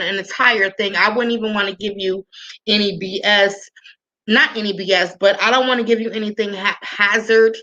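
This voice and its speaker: A woman's voice: medium pitch, bright, forceful tone, muffled recording. A woman hosting her own livestream show, talking casually and rambling as she signs off, emotional and repeating herself. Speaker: host.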